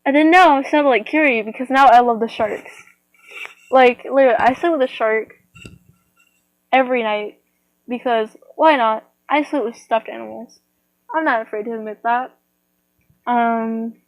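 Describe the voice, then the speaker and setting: A woman's voice: a little high, unhurried, pauses often, dry recording, rough recording. A woman chatting casually to her viewers, rambling with lots of fillers and restarts. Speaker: vlogger.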